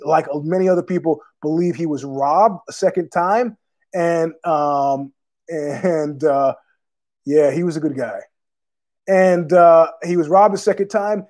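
A man with a fairly high voice hosts his own podcast and rambles through stories, swearing freely and piling on fillers. He is fighting a cough as he talks. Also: darkish tone. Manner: profane, digressive storytelling with many fillers. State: has a cough. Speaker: podcast host. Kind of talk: casual rambling monologue.

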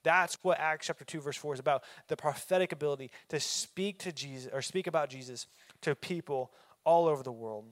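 Man, pastor, sermon, folksy, emphatic, somewhat high-pitched. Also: a bit bright. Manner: folksy, emphatic, with fillers and restarts.

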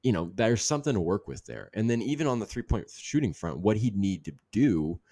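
A man's voice: lowish voice, big pitch swings, brisk, warm tone, no room sound. A man hosting a casual sports podcast, talking in a loose, rambling way with plenty of fillers. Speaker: podcast host.

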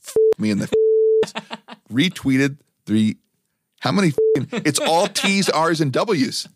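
A man co-hosting a comedy podcast, his voice hoarse and worn from coaching, joking in quick bursts. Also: fairly high pitch, very animated. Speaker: podcast co-host. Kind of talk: casual comedic chat.

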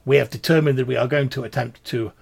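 A man voicing a nervous, pompous gentleman patron who stutters through grand old-fashioned speeches. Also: medium pitch, steady tone, quick pace, gravelly, husky, voice pushed up.

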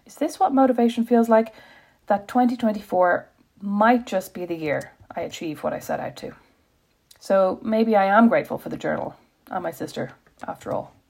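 Gravelly, husky woman reading wryly. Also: medium pitch, normal speed, darkish tone. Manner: wry, self-deprecating, confessional. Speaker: blogger reading her own post. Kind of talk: reflective personal reading.

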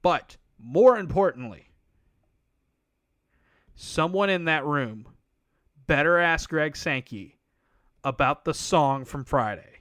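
A man co-hosting a sports podcast, slightly high voice. He talks in an animated, sarcastic way and keeps slipping into mock outrage. The sound is dry and close. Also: takes it slowly, long pauses, no room sound. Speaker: podcast co-host. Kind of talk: casual sports chat.

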